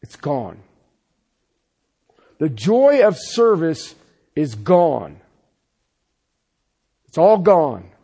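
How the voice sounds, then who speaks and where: A man preaching a sermon as pastor, swinging from loud insistence to hushed, pleading passages. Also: on the high side, sing-song, very slow, long pauses, husky.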